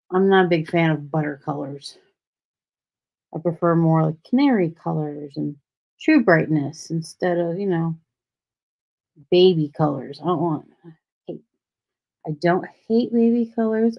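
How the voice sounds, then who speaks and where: A woman's voice: fairly low pitch, gravelly, mellow. A woman hosting a casual solo livestream from home, rambling freely with sarcastic asides. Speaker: livestream host. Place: home in Texas. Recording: dull lo-fi stream audio.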